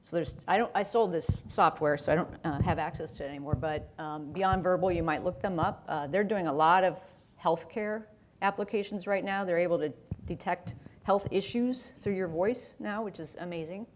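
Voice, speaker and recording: Middle-aged woman, conference speaker, conversational delivery, lowish voice, stage mic. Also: normal speed, slight background noise. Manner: conversational, chatty, laughs often. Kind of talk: conference presentation.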